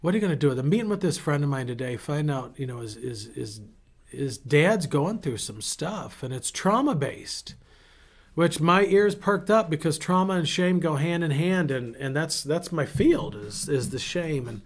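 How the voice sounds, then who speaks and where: A man preaching an informal sermon, conversational and animated, telling stories and restarting his sentences as he goes. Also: on the high side, normal speed. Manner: conversational, animated storytelling with self-interruptions. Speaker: pastor.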